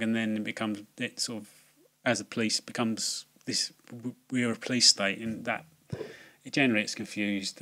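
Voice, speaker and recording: A man's voice: on the low side, bright, forceful tone. A man giving a casual, rambling film review, full of fillers, restarts and swearing.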